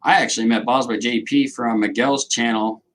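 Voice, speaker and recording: A man's voice: medium pitch, fairly even intonation, normal speed, fairly bright tone, rough recording. A middle-aged man, hosting a casual livestream, rambling and joking as he answers viewers' comments. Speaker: livestream host.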